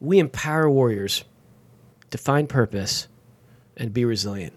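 A man, a veteran guest on an interview show, telling his story with energy and sudden jumps in pitch. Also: animated, measured pace, no room sound. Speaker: guest, veteran and nonprofit founder.

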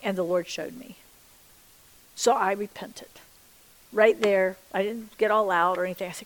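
A middle-aged woman giving a sermon-style personal testimony, acting out the dialogue with lively energy, and dropping to a soft, hushed voice when she quotes her prayers. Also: mid-range voice, moderate pace, long pauses, poor audio. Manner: animated storytelling that acts out the dialogue; chatty, checks in with the listeners. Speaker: Christian speaker.

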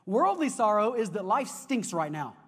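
A man preaching a sermon as pastor, telling stories in an animated way and often repeating words as he goes. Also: high-pitched, normal speed, slightly rough. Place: church sanctuary. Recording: long reverb of a large hall.

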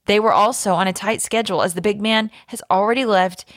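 A woman podcast host reading a fan theory aloud, with lively storytelling emphasis. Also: mid-range voice, brisk, dry recording, studio quality.

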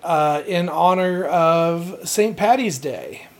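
A co-host pitching a comedy idea in casual chat, halting and laughing as they go. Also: animated.

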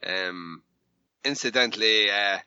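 A man's voice: fairly low pitch, slow, sharp tone, clear, resonant tone, no echo, lo-fi sound, exaggerated voice. A man voicing a boastful widowed woman with a rotten tooth, rambling through grand brags in a podcast bit. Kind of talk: podcast recap banter.

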